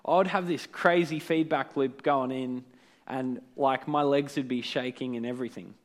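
A man's voice: mid-range voice, steady tone, moderate pace. A man giving a casual devotional talk as a preacher, conversational and often checking in with tag questions.

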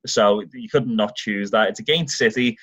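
A man's voice: lowish voice, normal speed, dry recording. An Irish man co-hosting a podcast, chatting casually and enthusiastically about football. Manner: enthusiastic, animated storytelling with acted-out quotes. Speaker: podcast co-host.

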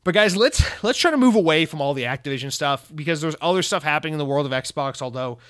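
A man's voice: on the high side, lively intonation, fast talker, a bit bright, smooth, dry recording, clean studio sound. A man hosting a casual gaming podcast, talking in a loose, jokey, profane way with frequent restarts. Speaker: podcast host.

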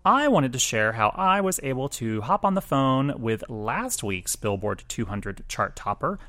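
A man co-hosting a music podcast, talking through chart news in a chatty, self-deprecating way with quick asides. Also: mid-range voice, sing-song, a bit bright. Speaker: podcast co-host, chart reporter. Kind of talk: casual chart chat.

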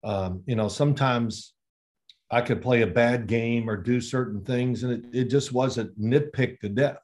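Guest spot: man in his 60s, ex-quarterback, lively storyteller who plays out quoted dialogue. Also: mid-range voice, a little slow. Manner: animated storyteller, acts out quoted exchanges. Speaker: former NFL quarterback guest. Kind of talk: casual interview storytelling.

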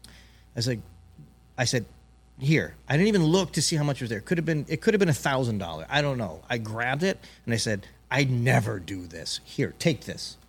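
A man hosting a podcast, telling a long story in a rambling, animated way with many restarts. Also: medium pitch, brisk, husky. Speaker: podcast host. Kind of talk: casual storytelling chat.

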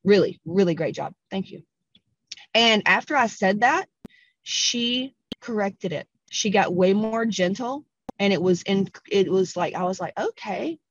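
A woman with a Southern US accent hosting a podcast, telling a story in a blunt, profane, animated way and putting on voices for quotes. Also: mid-range voice, measured pace, lo-fi sound. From American South. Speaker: podcast host. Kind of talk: casual storytelling monologue.

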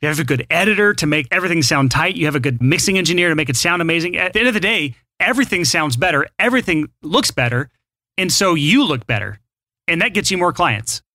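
A man's voice: on the high side, expressive, fast, pushed and bright, dry recording, clean studio sound. A man hosting a podcast, giving upbeat advice in casual chat. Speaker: podcast host.

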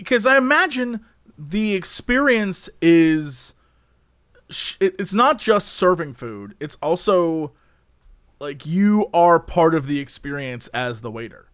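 High, lively-voiced young man musing aloud. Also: slow, smooth, no room sound, studio quality. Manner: musing, thinks aloud with restarts. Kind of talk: casual chat.

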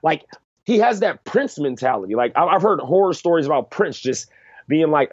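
A man in casual chat who talks with animated emphasis and acts out quotes in excited bursts. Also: a little high, fairly quick, breathy edge, no echo. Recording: dry, slightly dull lo-fi sound.

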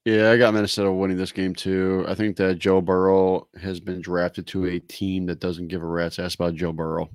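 Man, sports talk co-host, low voice, dry sound, blunt, sarcastic. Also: level tone, moderate pace, few pauses, a little mellow, clean tone, no room sound. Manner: blunt, sarcastic, swears casually. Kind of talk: casual sports talk show.

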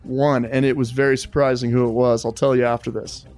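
A man hosting a podcast, calmly explaining the rules of a game segment. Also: mid-range voice, fairly quick, faint music behind. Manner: relaxed, explains rules step by step. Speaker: podcast host.

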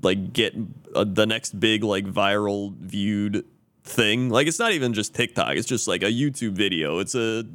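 Rambling podcast man, smooth clear voice. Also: fairly low pitch, normal speed, fairly bright tone. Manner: rambling storyteller, many "like" fillers and restarts. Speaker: podcast co-host. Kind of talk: casual chat.

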